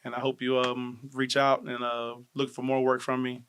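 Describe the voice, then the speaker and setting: A man closing out his show in a relaxed, low-key way, with plenty of fillers. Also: normal speed, smooth. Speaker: show host. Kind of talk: casual sign-off to viewers.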